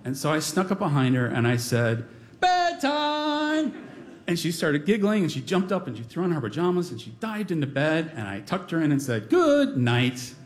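A man's voice: on the high side, animated, fast, hardly any pauses. A middle-aged man telling a personal story on stage before a live audience, wry and self-deprecating with comic timing.

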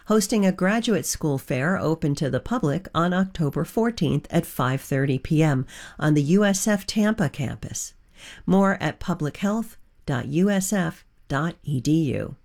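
A station announcer reads underwriting messages in a smooth, scripted manner, with a mid-range voice. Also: mid-range voice, darkish tone. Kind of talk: sponsor announcements.

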